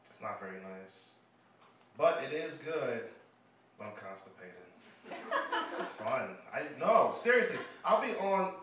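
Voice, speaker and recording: A man's voice: mid-range voice, fairly bright tone. A man from Illinois doing a live stand-up set in a small club, telling loose, profane stories and laughing at his own jokes. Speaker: stand-up comedian. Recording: echoey club, mic from a distance, noisy.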